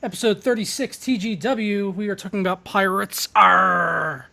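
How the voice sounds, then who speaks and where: An upbeat man with a high, bright-sounding voice hosts a laid-back gaming podcast from a home setup. He talks quickly and enthusiastically, full of casual slang and asides to his co-host and chat. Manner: excited, fast, informal gamer slang.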